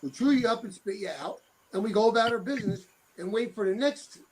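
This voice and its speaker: A man's voice: high-pitched, fast talker, low-quality recording. A middle-aged man telling blunt, tough-talking stories as an interview guest. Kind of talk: casual interview talk.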